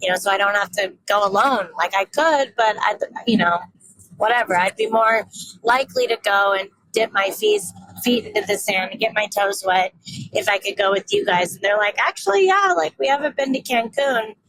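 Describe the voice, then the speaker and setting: A woman's voice: mid-range voice, normal speed, noisy background. A woman in her thirties talking candidly and rambling in a casual personal vlog, swearing freely and poking fun at herself. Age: 30s. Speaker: vlogger.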